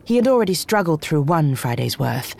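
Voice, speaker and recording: Steady audiobook narrator. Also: medium pitch, brisk, creaky. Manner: steady, expressive storytelling. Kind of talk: audiobook reading.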